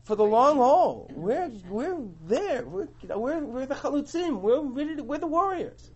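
A man's voice: lively intonation, measured pace. A man voicing eager pleading tribesmen. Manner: earnest, pleading, rising in pitch. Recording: dull lo-fi recording.

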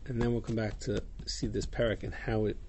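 A man's voice: lowish voice, level tone, a little fast, a little mellow, a little hiss or hum. A male teacher giving a text-study class to students, reading verses aloud, translating them and explaining them. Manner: fields student questions casually.

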